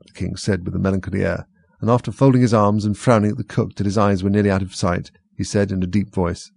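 A male audiobook narrator with a lowish, gravelly voice and a husky edge. He reads steadily and evenly, recorded dry and close. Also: steady tone, fast, a little mellow, no echo. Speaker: audiobook reader. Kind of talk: scripted narration.

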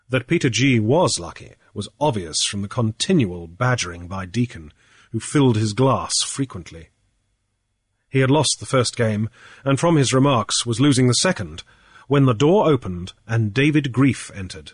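A man reading a novel aloud as an audiobook narrator, in a steady, even way. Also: mid-range voice, moderate pace, husky, no room sound, clean studio sound. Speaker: audiobook reader.

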